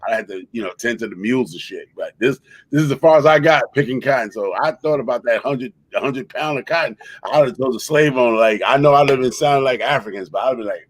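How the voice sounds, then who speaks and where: A man's voice: medium pitch, fast talker, no room sound, rough recording. A man, hosting a stream and telling exaggerated comic stories with lots of laughter. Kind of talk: joking storytelling on a livestream.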